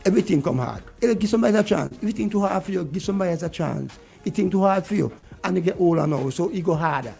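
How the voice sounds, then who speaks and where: A man's voice: high voice, animated, racing, creaky, warm tone, faint music behind. A man with a Vincentian accent, talking heatedly about politics on a radio show and repeating his points. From Saint Vincent. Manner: vexed, ranting, repeats points. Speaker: radio guest.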